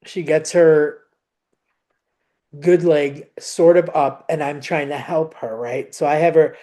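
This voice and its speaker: A woman co-hosting a podcast, telling a personal story in an animated, emotional way and acting out the dialogue. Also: deep voice, slow pace. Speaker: podcast co-host. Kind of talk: casual chat, personal storytelling.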